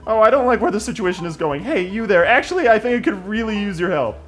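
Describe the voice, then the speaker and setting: A man's voice: sits high, animated, quick pace, soft background music. A man voicing a timid, prim talking butterfly in a video game, speaking in a fussy, plaintive way.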